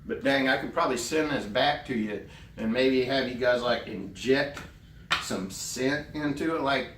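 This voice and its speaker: Guy doing a naive rambly caller, slow and earnest, kinda far off in an echoey room, faint hum behind. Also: mid-range voice, a bit bright, lightly acted. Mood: earnest rambling. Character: rambling, naive, earnest grown man fussing about deodorant. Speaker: comedy character leaving a voicemail. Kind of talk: deadpan character comedy monologue. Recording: roomy, distant mic, faint ambience.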